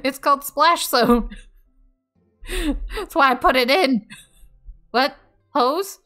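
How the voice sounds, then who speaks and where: A woman's voice: high voice, slow pace, bright, forceful tone, soft background music. A playful young woman streaming a game, chatting and laughing often. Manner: giggly, playful, swears.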